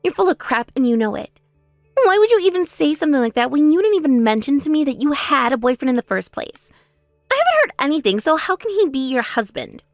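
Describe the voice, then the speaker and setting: Woman doing a bratty younger sister, high voice, swoops up and down, mocking tone, dry sound, faint music behind. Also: very animated, fairly quick, no room sound. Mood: indignant. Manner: mocking, taunting, gloating. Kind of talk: text-message story voice acting.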